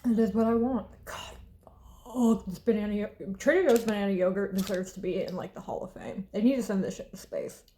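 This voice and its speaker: A Southern American vlogger, twenty-one, chats over food in a brisk, mellow voice of medium pitch. She's blunt and casual, swears openly and keeps breaking into laughs and sighs.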